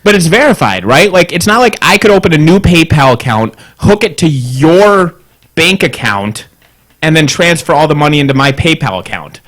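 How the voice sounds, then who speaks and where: A man's voice: a little high, big pitch swings, normal speed, fairly bright tone. A man co-hosting a podcast, telling an exasperated, profanity-laced story and mimicking both sides of a phone call. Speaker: podcast co-host. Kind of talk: casual chat, ranting anecdote.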